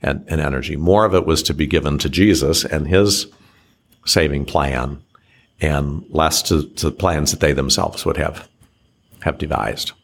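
Archbishop guy with a super deep voice, talking things through slowly. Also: steady tone, gravelly. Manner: slow, measured and halting, with frequent restarts. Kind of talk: reflective teaching conversation.

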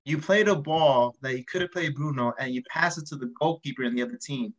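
A man's voice: medium pitch, fairly quick, poor audio. A man hosting a casual podcast chat, asking questions and steering the talk to others. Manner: questioning, leads the discussion. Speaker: podcast host.

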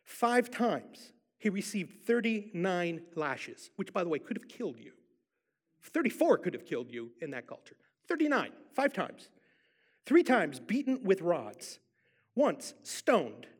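Male preacher, high-pitched and animated, emphatic storytelling sermon. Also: a little slow, husky. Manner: emphatic storyteller, repeats for effect. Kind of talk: sermon with personal testimony.

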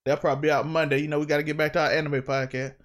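Man, podcast host, joking, quick asides, slightly high voice. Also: level tone. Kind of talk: casual chat.

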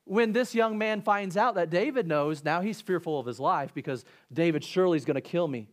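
A male pastor delivering a sermon and altar call, rising to loud, high preaching peaks, then dropping to a soft, gentle invitation. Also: fairly quick. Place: church auditorium.

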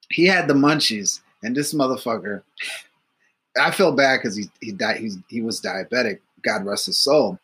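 A man's voice: mid-range voice, moderate pace, fairly bright tone, husky. A man co-hosting a casual podcast, telling a crude story with lots of laughter and swearing. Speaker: podcast co-host.

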